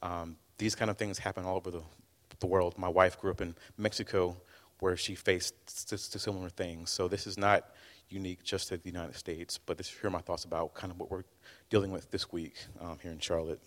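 A man's voice: deep voice, flat delivery, a little fast, long reverb tail. A man, a church member, hesitantly reads a prepared personal statement to a congregation. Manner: hesitant, with fillers and restarts. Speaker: church member giving a testimony.

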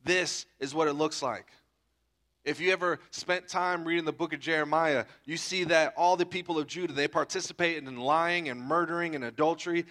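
A man's voice: on the high side, fairly bright tone. A man in his thirties preaching a sermon in a conversational way, often checking in with the listeners with "okay?" and "right?". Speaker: pastor.

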